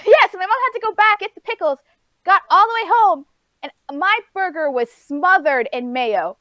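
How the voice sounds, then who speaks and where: A woman co-hosting a casual podcast chat, telling an animated story with laughs and acted-out quotes. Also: very high-pitched, normal speed, no room sound. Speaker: podcast co-host.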